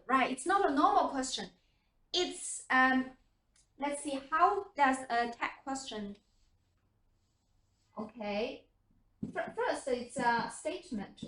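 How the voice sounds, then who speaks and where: A woman's voice: high voice, a bit bright. A woman English teacher teaching a class. She asks question after question and demonstrates intonation. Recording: echoey room from far off.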